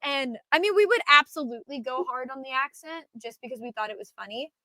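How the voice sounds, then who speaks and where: A young woman from Minnesota, a podcast guest telling lively anecdotes with laughs. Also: high voice, quick pace, dry recording. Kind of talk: casual storytelling.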